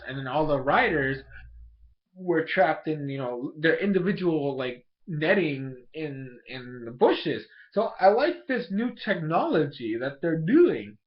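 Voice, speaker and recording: Rambling young-sounding man, lo-fi recording. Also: a little high. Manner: rambling, many restarts and fillers; excitable. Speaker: anime episode reviewer. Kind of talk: casual spoken review.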